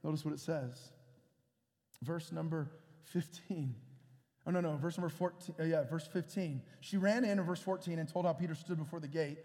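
A man's voice: fairly high pitch, normal speed, warm tone. A man preaching a sermon, retelling scripture with dramatic storytelling and acted-out scenes in a church. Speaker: pastor. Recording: long church-hall reverb.

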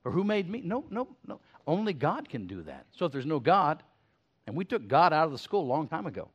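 An older man preaching a sermon to his church in a folksy, animated way, full of stammered restarts. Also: on the high side, a little fast, slightly rough. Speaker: pastor. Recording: slightly muffled sermon recording.

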